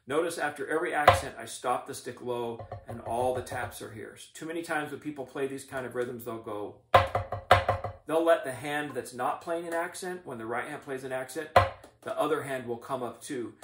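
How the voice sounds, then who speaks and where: A middle-aged man teaching drumline warm-ups, explaining each exercise in a methodical, encouraging coaching manner. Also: mid-range voice, moderate pace, loud music behind the voice. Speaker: drumline instructor. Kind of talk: instructional demonstration. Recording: echoey room, mic at a distance.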